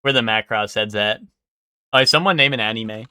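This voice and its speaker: A man's voice: lowish voice, moderate pace, sharp tone, clean tone, dry recording, studio quality. A young man streaming live, thinking aloud and guessing in casual, swearing chatter.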